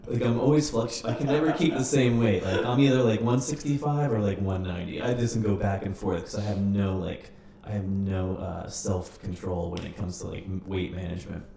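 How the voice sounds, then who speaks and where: A man in casual podcast chat, telling rambling, animated stories with swearing. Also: fairly low pitch, fairly quick, gravelly, a crowd in the background. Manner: rambling, animated storytelling with cursing. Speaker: podcast participant. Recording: roomy, distant mic with faint ambience.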